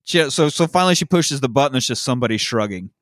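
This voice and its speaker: A man's voice: medium pitch, expressive, fast talker, fairly bright tone, no room sound. Man, casual movie recap, laid-back, profane, dry recording. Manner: laid-back storytelling with profanity and frequent laughs. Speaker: podcast co-host.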